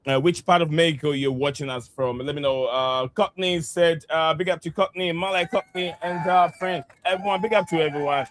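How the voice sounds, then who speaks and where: Friendly man giving viewers shout-outs. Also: on the high side, a little fast, hardly any pauses, a little hiss or hum. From United States. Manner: friendly, loose phrasing with many fillers, shouting out viewers. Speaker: co-host of a football live stream. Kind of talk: casual live-stream chat, reading out viewer comments.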